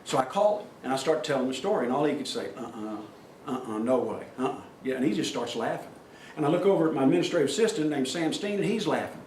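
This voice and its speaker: A slightly high, a little mellow male voice races along with lively intonation as a middle-aged man tells folksy, plain-spoken stories to a safety meeting crowd, performing the quoted lines. The sound comes from far away in an echoey meeting room, with faint noise.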